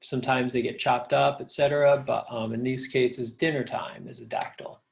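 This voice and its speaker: A man's voice: medium pitch, fairly even intonation, normal speed, vocal fry. A middle-aged man, a professor, patiently explaining step by step in a recorded lecture.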